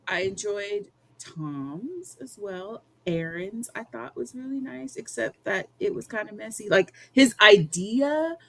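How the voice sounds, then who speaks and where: A woman's voice: mid-range voice, lively intonation, takes it slowly, vocal fry, hardly any pauses, a bit bright. A woman co-hosting a podcast, joining the casual chat with short reactions and comments. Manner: brief interjections and short reactions. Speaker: podcast co-host.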